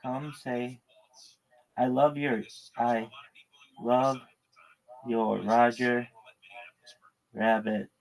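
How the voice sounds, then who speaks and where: A man hosting a casual livestream who greets viewers with loud, hyped, slangy banter. He talks at an unhurried pace, and his voice sits at an ordinary middle pitch. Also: fairly even intonation, gravelly, poor audio. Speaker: livestream host.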